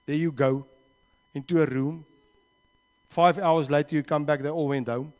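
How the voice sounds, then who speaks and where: A man with a South African accent and a fairly high, steady, somewhat dark voice preaches a sermon at a church service, then leads a closing prayer. He speaks at a normal speed and in earnest, acting out little conversations and slipping into Afrikaans phrases.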